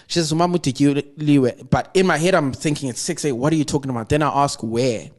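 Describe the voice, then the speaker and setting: A man's voice: fairly high pitch, fast. A young South African man, a podcast guest, earnestly telling a personal story in conversation. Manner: earnest, reflective retelling with emotional weight.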